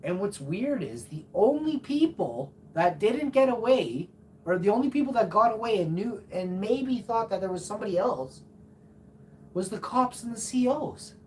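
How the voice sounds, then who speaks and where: A man's voice: sits high, lively intonation, moderate pace, far from the mic, a little hiss or hum. A young man telling a brash, profane story in a casual livestream monologue. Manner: brash, profane, rambling, acts out his own shouts. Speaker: live streamer. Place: home room at night. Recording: voice set back from the mic.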